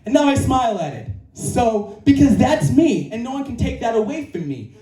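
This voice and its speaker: A man with a very high but mellow voice gives an earnest, emphatic motivational talk at a live event, often repeating his key phrases. He is picked up from a distance in an echoey room, with faint music behind him. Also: sing-song, moderate pace, slight background noise. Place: indoor creative venue, live audience.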